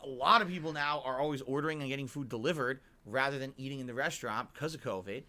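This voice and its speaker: A man's voice: medium pitch, quick pace, bright, forceful tone. A middle-aged man from Connecticut telling a long-winded, emphatic vlog story and checking in with the listener. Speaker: vlogger. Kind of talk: rambling vlog monologue.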